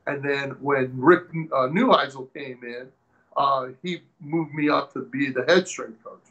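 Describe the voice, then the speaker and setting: A man from the Pacific Northwest, a former strength coach, telling animated stories in a casual interview and acting out the people he quotes. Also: medium pitch, unhurried, dull audio. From Tacoma, Washington.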